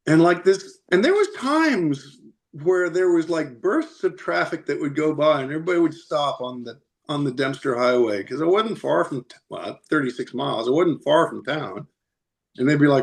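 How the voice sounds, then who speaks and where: A man guest on a podcast, telling a road story in a chatty, animated way and laughing often. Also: fairly high pitch, normal speed. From United States. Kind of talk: casual storytelling.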